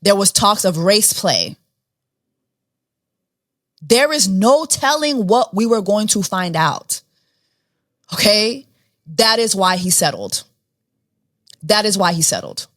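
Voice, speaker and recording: A woman hosting a podcast, talking through celebrity news in an animated, blunt, profane way. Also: mid-range voice, slow pace, long pauses, no room sound, studio quality. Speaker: podcast host. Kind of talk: casual celebrity news chat.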